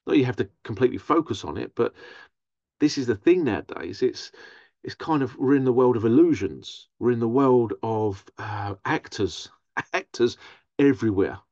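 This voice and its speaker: A man's voice: medium pitch, expressive, normal speed, mellow, no echo, muffled recording. A man, a therapist, talking through a casual monologue, often mimicking other people in a raised voice. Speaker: therapist and podcast host.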